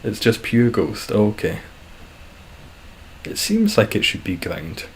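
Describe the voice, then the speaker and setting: A man chatting casually and dryly while live-streaming a game, describing his own voice as monotone. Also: fairly low pitch, slow, a little hiss or hum. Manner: dry, self-deprecating, calls his voice monotone.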